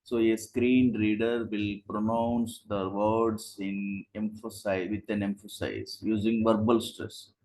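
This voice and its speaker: A man's voice: fairly low pitch, flat delivery, slow, few pauses, a little mellow, poor audio. A man teaching a live online coding class, explaining in short steps and asking rhetorical questions. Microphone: video call.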